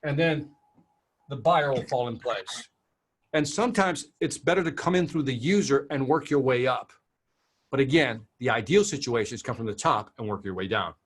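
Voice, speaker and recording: A man's voice: mid-range voice, normal speed. A man working as a sales trainer, answering questions in a webinar over a video call and acting out quoted people as he tells stories. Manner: animated storyteller, acts out quotes.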